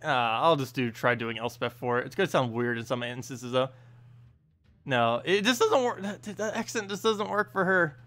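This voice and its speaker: A man's voice: mid-range voice, animated, normal speed, fairly bright tone, faint music behind. A young man streaming a video game, chatty and self-deprecating, laughing often. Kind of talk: casual live-stream commentary.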